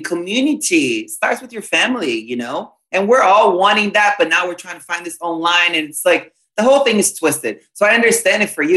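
A spiritual teacher speaks as a guest in a podcast conversation, earnest, emphatic and teacherly. His voice is fairly high, bright and forceful.

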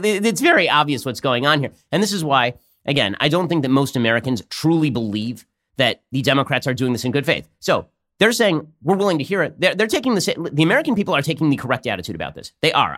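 A male podcast host delivering political commentary at a fast clip. His tone stays sarcastic and mocking. His voice sits at a middling pitch for a man. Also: fairly bright tone.

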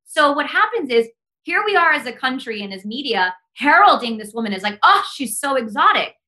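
A young woman talks on a podcast with a bright, forceful tone and a fairly high voice. She speaks earnestly and with passion, often saying "like" as she goes. She grew up in the United States. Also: lively intonation, fairly quick. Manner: impassioned, earnest, heavy use of "like". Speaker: podcast guest. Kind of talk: casual podcast conversation.

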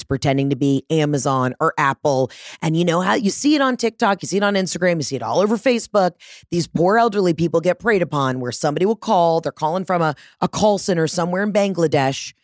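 A woman hosts a podcast and tells a story casually, with lots of swearing and animated jumps in tone. Her voice sits low for a woman, and the recording is dry and close, with no room sound. She mocks herself as she goes. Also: dry recording. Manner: animated, profane, self-mocking. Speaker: podcast host.

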